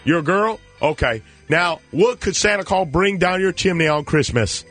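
A man putting on a gleefully crude backwoods Santa Claus takes calls on a radio show. He talks about himself in the third person with broken grammar, his voice sitting slightly high. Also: expressive, moderate pace, a bit bright, faint music behind. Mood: joking. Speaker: comedy character on a radio call-in.

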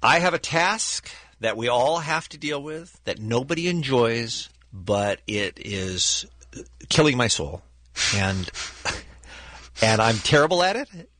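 A man co-hosting a radio show in casual chat, an animated storyteller. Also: mid-range voice, takes it slowly, dry recording.

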